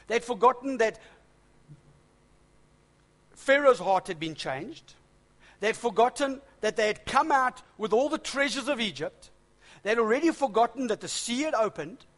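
A middle-aged man delivers a sermon in a high, light voice. He reads scripture aloud, then unpacks it in a relaxed, conversational way with the odd joke. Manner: expository preaching, conversational asides and humor. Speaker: preacher.

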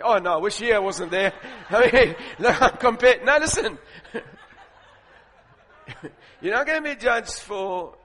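An animated male preacher telling a humorous sermon story and acting out its scenes. His voice is high and bright. A long reverb from a large hall follows his words.

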